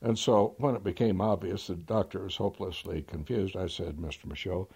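Older male lawyer, raconteur, deep husky voice, dry wit, throat-clearing. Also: fairly quick, a little mellow. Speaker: trial lawyer. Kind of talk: anecdotal storytelling.

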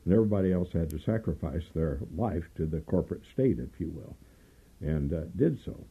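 An older man recounts stories in a rambling way and pauses often to clear his throat. His low, husky voice rises and falls freely. The tape sounds dull and lo-fi, with faint music underneath. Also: animated. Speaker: trial lawyer. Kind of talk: oral history interview, storytelling.

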